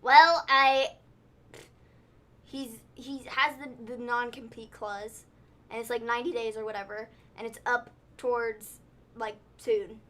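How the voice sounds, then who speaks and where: Woman co-host, high bright voice, rambling casual recap talk. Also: steady tone, measured pace. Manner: rambling, lots of "like" and "so". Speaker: podcast co-host. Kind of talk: casual wrestling recap chat.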